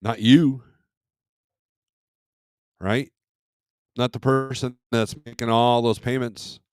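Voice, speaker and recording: A man's voice: mid-range voice, fairly even intonation, slow, clear, resonant tone, no room sound, clean studio sound. A man hosting a casual trucking livestream, rambling as he reads load listings aloud and comments on them. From Michigan.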